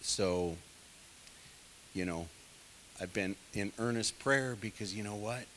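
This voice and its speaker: A man's voice: lowish voice, slow pace, fairly bright tone, slight background noise. A man preaching a sermon in a conversational way, full of asides to the congregation. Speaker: pastor.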